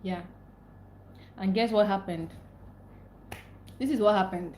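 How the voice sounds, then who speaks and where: A woman's voice: medium pitch, slow pace, a little mellow, echoey room, a little hiss or hum. A young woman, venting angrily and repeating herself as she talks to her livestream viewers. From Nigeria. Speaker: livestream host. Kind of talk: casual live stream rant.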